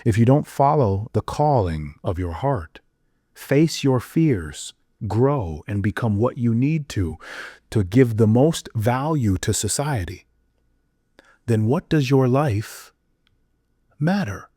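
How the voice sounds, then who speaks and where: A man of ordinary middle pitch holds forth in a preachy podcast monologue, piling up rhetorical questions. His voice drops to a low mutter at times and then jumps up to loud, excited exclamations. The sound is dry and close, with no room around it. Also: slow, husky, dry recording. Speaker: podcast guest. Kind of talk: intense conversational monologue.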